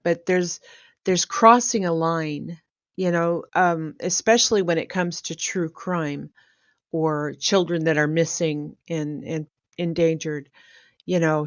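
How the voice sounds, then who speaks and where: Thoughtful low-voiced woman on a dull call. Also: no room sound. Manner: measured, thoughtful, with frequent "um". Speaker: panelist. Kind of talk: casual online panel chat.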